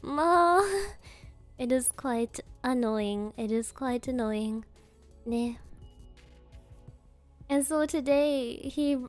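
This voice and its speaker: A high-pitched young woman talks to her stream at an unhurried pace, rambling and giggling as she slips into playful voices. Soft music sits faintly behind her. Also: dry recording. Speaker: VTuber streamer. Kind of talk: casual stream chat.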